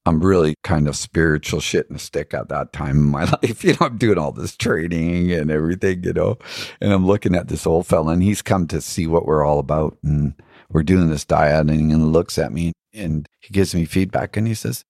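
A man with a very deep voice and a husky, grainy edge talks in a reflective, earnest way. He keeps stopping to ask himself questions. The sound is close and dry. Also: a little fast, a little mellow, no room sound. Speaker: interview guest. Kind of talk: reflective spiritual storytelling.

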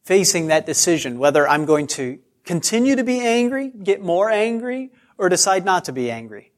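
A man's voice: high-pitched, sing-song, moderate pace. A man preaching a sermon in a conversational way, telling stories on himself and repeating phrases for emphasis. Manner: conversational preaching with self-deprecating asides; repeats phrases for emphasis, draws out key words. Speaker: pastor.

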